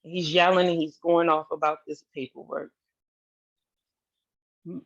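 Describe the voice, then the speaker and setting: A woman's voice: low voice, little pitch movement, unhurried, lo-fi sound. A woman telling a personal story to her viewers in a candid, casual way, swearing freely and speaking straight to the audience. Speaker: vlogger.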